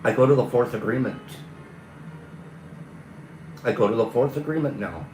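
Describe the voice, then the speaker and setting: A man talks casually on a livestream, rambling and earnest, voice at an ordinary middle pitch. The room around him is echoey. Soft music plays low behind him. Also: expressive, normal speed, far from the mic. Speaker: livestream host.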